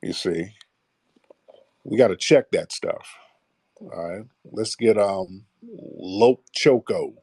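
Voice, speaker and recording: A man's voice: on the low side, expressive, slow pace, pauses often, darkish tone, breathy edge, dry recording, clean studio sound. Blunt, slangy male call-in host. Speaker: host of a call-in audio show. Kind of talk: live call-in talk.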